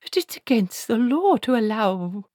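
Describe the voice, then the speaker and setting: A woman's voice: on the high side, sing-song, unhurried, warm tone, dry recording, studio quality, voice pushed up. A woman voicing a nervous, fussy male wizard who frets anxiously about the rules. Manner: timid, fretful, anxious.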